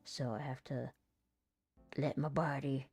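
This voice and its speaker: A woman chatting casually between rehearsal takes, rambling and poking fun at herself with frequent laughs. Her voice sits low and unhurried. The recording is dry, with faint music in the background. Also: fairly even intonation, darkish tone, slightly rough, dry recording. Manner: rambling, self-deprecating, laughs often. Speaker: voice actor and content creator. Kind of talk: casual chat while rehearsing.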